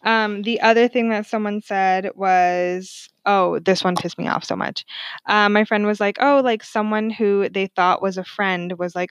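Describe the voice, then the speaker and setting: A woman's voice: mid-range voice, steady tone, moderate pace, clean tone, dry recording. A woman in her twenties hosting a casual solo podcast, talking candidly and animatedly, swearing freely and saying "like" a lot. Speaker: podcast host. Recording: dull lo-fi sound.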